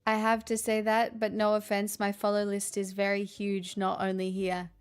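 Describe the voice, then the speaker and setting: An Australian woman talks casually to her live viewers at an ordinary middle pitch. Her humor is dry and sarcastic, and she often turns it on herself. Faint music plays in the background. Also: completely flat delivery, moderate pace, smooth. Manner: sarcastic, chatty, self-deprecating. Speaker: livestream host.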